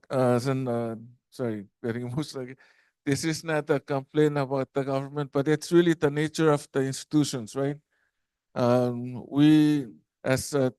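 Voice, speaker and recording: Male panelist, clear and smooth, dry close sound, halting delivery full of fillers. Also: medium pitch, a little mellow, dry recording. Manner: halting, many fillers and restarts, gets emotional. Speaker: summit panelist. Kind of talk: panel discussion remarks. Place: conference room.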